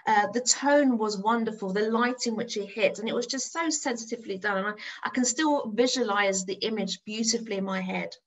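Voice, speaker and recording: A middle-aged woman from north-west London, a teacher, giving a lively storytelling talk. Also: medium pitch, a little fast, hardly any pauses, a little hiss or hum, poor audio. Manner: animated storyteller, acts out her own excited voice.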